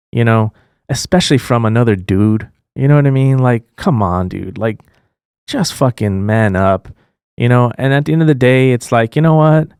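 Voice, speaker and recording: A man's voice: mid-range voice, darkish tone, smooth, no room sound, clean studio sound. A man co-hosting a podcast, airing a grievance in a heated, profane rant. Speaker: podcast co-host. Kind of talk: casual chat.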